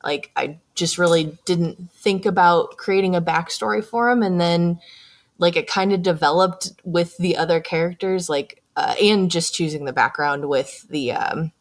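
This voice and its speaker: A young woman co-hosts a podcast, chatting casually about her game character with lots of laughs and fillers. She speaks at a normal speed in a lowish voice.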